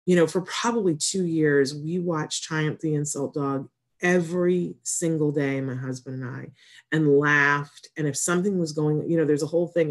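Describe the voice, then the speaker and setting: A woman hosting an autism community show, talking to viewers in a casual, rambling way, often breaking off her sentences and then bursting out with emphasis. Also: low voice. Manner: rambling and warm-hearted, with frequent self-interruptions. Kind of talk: casual chatty monologue to viewers.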